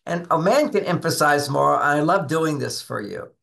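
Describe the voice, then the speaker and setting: Guy talking relationship advice, kinda high bright voice, tells little stories doing both voices. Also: expressive, normal speed, gravelly. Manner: tells anecdotes, acting out both sides of dialogues; emphatic, instructive. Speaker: relationship author and guest. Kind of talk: conversational advice talk.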